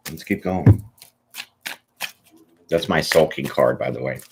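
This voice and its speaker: A man's voice: very deep voice, slow, background noise. A man doing a casual, chatty tarot reading, joking and laughing often as he goes through the cards. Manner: chatty, laughs often, jokes and acts out little bits. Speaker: tarot reader.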